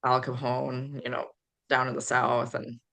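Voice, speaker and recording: A woman's voice: a bass voice, level tone, measured pace, creaky, fairly bright tone. A woman from the Chicago area, a podcast guest, rambling through stories with many fillers. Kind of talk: casual podcast chat.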